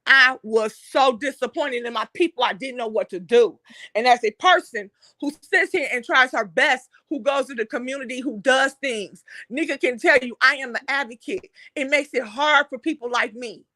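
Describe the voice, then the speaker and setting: A woman's voice: high-pitched, normal speed, bright, forceful tone, no echo. A woman hosts an impassioned monologue. She talks bluntly and heatedly and swears often. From Detroit, USA. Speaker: online talk show host.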